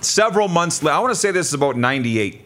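Brief: Canadian male broadcaster, excitable storyteller, lively swooping voice, laughs often. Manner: excitable, quick to laugh, jumps up high in pitch. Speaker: sports broadcaster and co-host. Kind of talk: casual storytelling chat.

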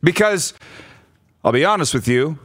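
A man's voice: fairly high pitch, expressive, normal speed, a bit bright, no room sound. A man hosting a casual radio show, laughing often as he jokes and reads out listener messages. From Saskatchewan, Canada. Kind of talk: casual sports radio banter. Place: radio studio.

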